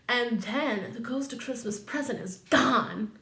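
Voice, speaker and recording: A young woman vlogger in her twenties who retells a story tipsy and full of slang and swearing. Her voice sits fairly high, and the room she is in is echoey. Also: measured pace, hardly any pauses, sharp tone.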